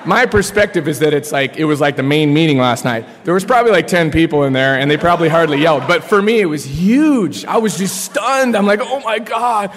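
A man in his thirties speaks from a podium in a large hall, telling his personal story in a loose, slangy, animated way. His voice sits a little high for a man, and a long reverb trails each phrase. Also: fairly quick, hardly any pauses. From Colorado. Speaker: speaker sharing his story at a recovery meeting. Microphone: podium mic.

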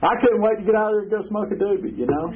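A man's voice: sits high, rapid-fire. A man giving his personal testimony at a recovery meeting, rambling and earthy, leaning on "you know". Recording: tinny phone-like recording with faint hiss.

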